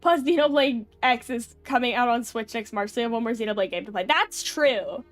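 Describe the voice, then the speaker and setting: A young woman streamer talking in a loose, rambling way, full of "like" and little laughs. Her voice sits a bit high, and the recording is close and dry with faint music underneath. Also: brisk, dry recording. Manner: rambling, filler-heavy, giggly. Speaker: VTuber streamer. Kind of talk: casual live-stream chat.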